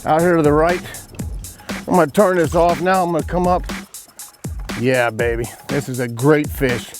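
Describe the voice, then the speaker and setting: A man, a fishing guide hosting his show, giving excited folksy commentary from a boat outdoors while talking to viewers. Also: fairly high pitch, normal speed, soft background music. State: breathing hard.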